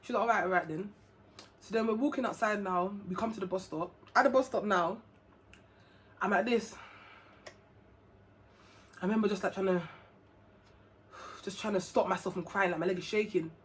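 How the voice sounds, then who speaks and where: A woman's voice: medium pitch, normal speed, long pauses, slight background noise. A young woman from England, telling a personal story to camera in a casual, chatty vlog, acting out the dialogue. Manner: chatty, animated, acts out quoted dialogue. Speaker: vlogger.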